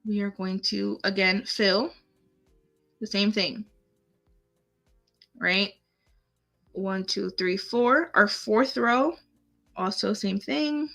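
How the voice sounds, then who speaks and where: A woman hosts a casual live craft lesson, thinking aloud and chatting with her viewers as she goes. Her voice is bright and her pace is unhurried. Faint music plays behind her. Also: mid-range voice, gravelly. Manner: chatty, talks to herself and viewers while clicking. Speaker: craft tutorial host. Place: home setup, live stream.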